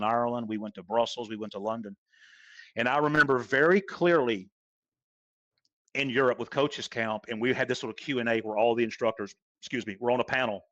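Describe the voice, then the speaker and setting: A man's voice: medium pitch, fairly bright tone, dry recording, muffled recording. A man speaking as a golf instructor guest on a podcast, talking casually and hammering points home by repeating them. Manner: emphatic, repeats points for stress.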